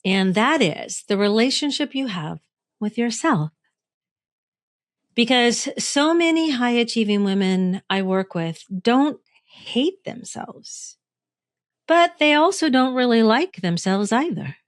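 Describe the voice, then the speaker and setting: A middle-aged woman who works as a coach hosts a reflective solo podcast, chatting conversationally, posing questions to listeners, and laughing at herself. Her voice is a little high, expressive, and slow, recorded at studio quality without echo.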